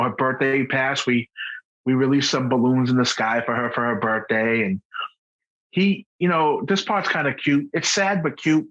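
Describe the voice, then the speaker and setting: A man speaking as a podcast guest in candid personal conversation, halting and earnest, often restarting his sentences. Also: medium pitch, fairly bright tone. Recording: dull lo-fi podcast audio.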